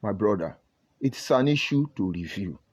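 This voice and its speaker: A commentator with a Nigerian accent gives a heated monologue, scolding and asking rhetorical questions. His pitch is fairly low, his intonation lively, and his slightly rough, a-little-mellow voice moves at normal speed. It's heard through dull lo-fi audio.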